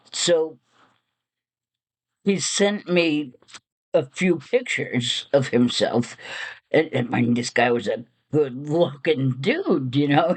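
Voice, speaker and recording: A woman's voice: low voice, slow. An older woman vlogging, telling a personal story in a casual, chatty way and laughing between phrases.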